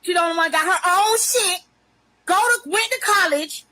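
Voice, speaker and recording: Over poor audio from a phone livestream, a woman with an extremely high, pushed and bright voice rants at a moderate pace. Her unscripted tirade is profane and confrontational, and she stretches her emphatic phrases.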